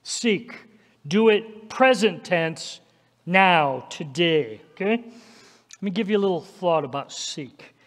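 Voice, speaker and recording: A man's voice: sits high, expressive, takes it slowly, in a large hall. A man preaching a sermon as pastor, emphatic and checking in with his listeners with a repeated "okay?". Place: church sanctuary.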